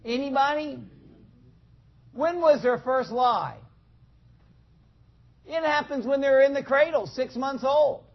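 A man's voice: very high-pitched, takes it slowly, pauses often. A man preaching a conversational sermon to a church congregation, asking them questions and acting out little scenes. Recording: dull lo-fi sound.

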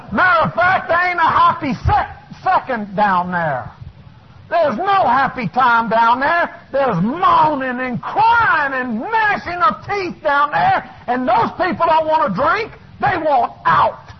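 A male preacher delivering a fiery sermon, shouting his points and then dropping to low asides, in a dull lo-fi recording. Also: sing-song, slow.

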